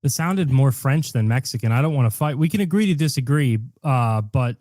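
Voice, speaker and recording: A man's voice: mid-range voice, expressive, fairly quick, a little mellow, dry recording, studio quality. A man hosting a casual podcast chat, joking around and playfully mispronouncing names, with lots of fillers. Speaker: podcast host.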